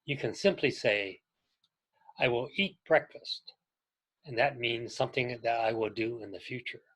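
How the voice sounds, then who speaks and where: A man gives a careful English grammar lesson to adult learners. He talks slowly and deliberately, in a middle-pitched voice. He pauses between short phrases and invites the class to repeat each example after him. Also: fairly bright tone, low-quality recording. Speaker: ESL teacher. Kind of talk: slow, clear classroom instruction with repeat-after-me drills.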